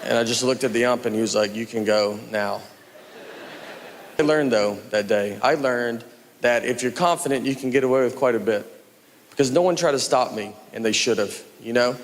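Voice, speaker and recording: Deadpan Southern stand-up comedian. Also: male voice, mid-range voice, slight background noise. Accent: Southern American. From Tennessee. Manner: slow deadpan storytelling. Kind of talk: stand-up routine. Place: comedy club stage with laughing audience.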